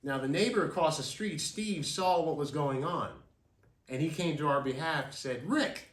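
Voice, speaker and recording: A man's voice: a little high, normal speed, a bit bright. A man telling a dramatic story from his childhood as a speech, in vivid, dramatic storytelling. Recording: roomy, from a distance.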